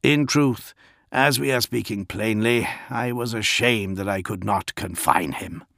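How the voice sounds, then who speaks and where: A formidable warlord, as a man voices him, deliberate and haughty, drawing out his words. The tone is gravelly and fairly low, with a dry close sound. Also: fairly bright tone, dry recording. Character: proud, formidable male warlord lord.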